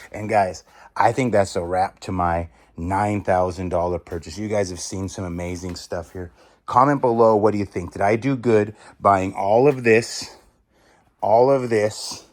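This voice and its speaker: Low-voiced eager middle-aged man vlogging. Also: slight background noise. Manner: eager and chatty, drops to a hushed whisper when amazed. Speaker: storage auction reseller and channel host. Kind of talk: casual unboxing vlog talking to viewers.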